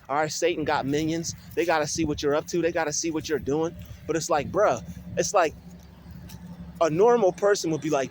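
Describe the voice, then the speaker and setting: A young man vlogging on his phone while walking outdoors in a field, talking in an animated, ranting way with many restarts. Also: a little high, slight background noise. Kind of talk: casual vlog monologue. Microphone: phone held while walking.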